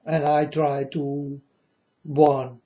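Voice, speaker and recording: Man, rambling preachy monologue, slightly high voice, muffled lo-fi sound. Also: level tone, mellow. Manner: slow, repetitive, preachy, addresses viewers as folks. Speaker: self-styled prophet. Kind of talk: rambling religious monologue to viewers. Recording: dull lo-fi sound.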